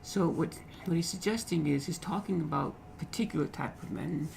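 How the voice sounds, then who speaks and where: A man's voice: a little high, moderate pace, creaky, darkish tone, slight background noise, rough recording. A man teaching literature, explaining a poem line by line, repeating phrases and often checking in with "okay?".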